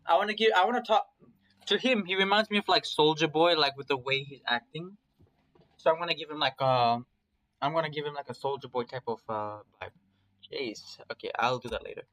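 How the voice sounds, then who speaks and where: A man reading a visual novel aloud in a casual, first-person way, swearing freely and breaking off for quick asides. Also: fairly high pitch, a bit bright, rough recording. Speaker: story reader.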